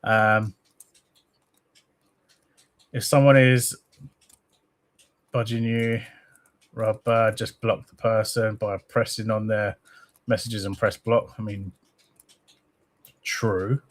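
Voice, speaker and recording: A man's voice: on the low side, level tone, slow, long pauses. A man hosting a casual live football fan stream, rambling and reading viewer comments aloud. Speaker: host of a football fan channel.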